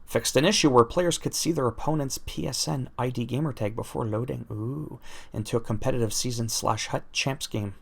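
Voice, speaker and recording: A gaming YouTuber with a medium-pitched, gravelly, husky voice reads video game patch notes aloud a little fast. He keeps breaking off for self-deprecating jokes and laughs at his own asides.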